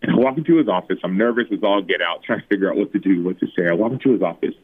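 Man, 30s, low voice, interview guest, personal storytelling, animated quotes, phone-quality audio. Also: very fast, slightly rough. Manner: animated retelling, acting out quotes in a higher voice. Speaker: guest, former football player. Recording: tinny phone-like remote line.

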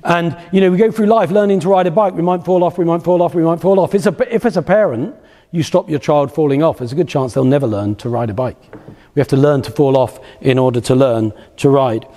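A man's voice: fairly high pitch, a little fast, mellow. A man giving a live motivational business talk, telling anecdotes and repeating phrases for rhythm. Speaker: business speaker. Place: lecture hall at a live event. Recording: long hall reverb.

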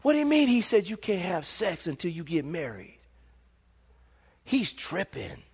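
A man voicing the devil as a sly tempter, speaking low, hushed and coaxing, with a long hall reverb. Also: huge pitch swings, unhurried, breathy edge, full character voice.

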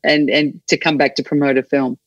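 A middle-aged Australian woman, an enthusiastic, animated storyteller chatting as an interview guest. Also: deep voice, brisk, no room sound, dull audio. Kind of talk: casual chat.

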